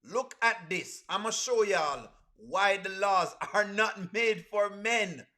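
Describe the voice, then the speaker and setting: A man, reacting live to a video for his stream chat, animated and repeating his exclamations again and again. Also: high voice, slow pace.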